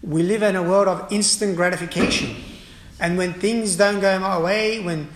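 A man who is a priest, preaching a sermon forcefully, with frequent "uh" fillers and restarts. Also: high voice, steady tone, normal speed. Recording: echoey room.

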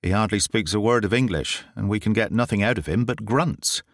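A man's voice: on the low side, brisk, no room sound, clean studio sound, natural voice. A man voicing a stubborn, sly country police inspector in a storybook reading, with a dogged, politely guarded manner.

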